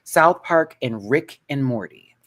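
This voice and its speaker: A man hosting a casual panel chat, sassy and animated, with quick asides. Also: mid-range voice. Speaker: host.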